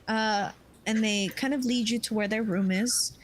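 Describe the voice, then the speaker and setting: Slow-talking woman game master. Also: mid-range voice, steady tone. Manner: hesitant, many fillers. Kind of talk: narrating a tabletop game.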